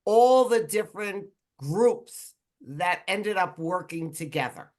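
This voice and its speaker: An audience member sharing measured, reflective thoughts in a casual book discussion, repeating words for emphasis. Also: medium pitch, lively intonation.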